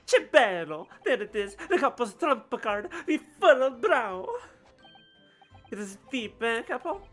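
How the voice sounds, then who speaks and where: A woman's voice: on the high side, sing-song, unhurried, fairly bright tone, soft background music, voice pushed up, full character voice. A woman doing a flamboyant Italian nobleman. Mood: teasing. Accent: put-on Italian.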